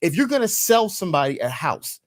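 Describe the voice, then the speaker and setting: A man's voice: high-pitched, sing-song, brisk, dry recording, clean studio sound. A man in a played podcast clip, making his point with examples. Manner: emphatic, explains with examples.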